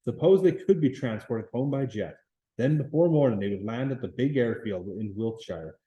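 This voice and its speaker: A man reading a novel aloud at a steady pace, with occasional small stumbles and restarts. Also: mid-range voice, moderate pace, dull audio. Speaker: reader.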